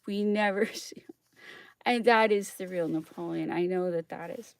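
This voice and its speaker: A woman's voice: on the low side, moderate pace, vocal fry, dry recording. A woman hosting an astrology show in a casual monologue, chatty, laughing often and keeping her listeners with her by asking "okay?". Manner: chatty, keeps checking in with "okay?"; laughs often while talking.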